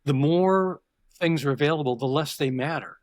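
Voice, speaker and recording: A man's voice: fairly high pitch, normal speed, no echo. An older man, a podcast guest, telling stories reflectively in conversation, often restarting his sentences. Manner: reflective and digressive, with frequent restarts. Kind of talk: conversational interview storytelling.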